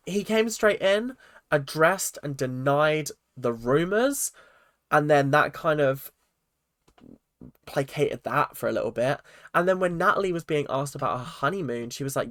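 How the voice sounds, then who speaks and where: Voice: medium pitch, lively intonation, moderate pace, a bit bright, no echo, studio quality. A vlogger ranting bluntly about a reality TV episode, emphatic and opinionated. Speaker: reaction vlogger.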